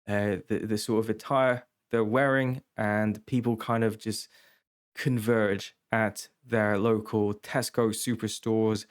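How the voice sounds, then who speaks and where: A young man hosting a podcast, telling wry, digressive stories in a casual monologue. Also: medium pitch. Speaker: podcast host.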